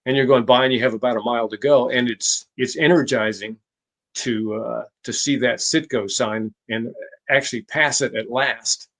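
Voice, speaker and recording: A man at a middle pitch speaks as a guest author in a conversational interview. He tells his stories at a measured pace. He often halts and restarts his phrases. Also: steady tone, a bit bright. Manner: measured, halting with frequent restarts. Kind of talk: conversational storytelling.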